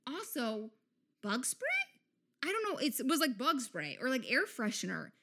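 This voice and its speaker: A woman's voice: high-pitched, sing-song, moderate pace, pushed and bright. Profane ranting woman podcast host. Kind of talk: casual comedic monologue.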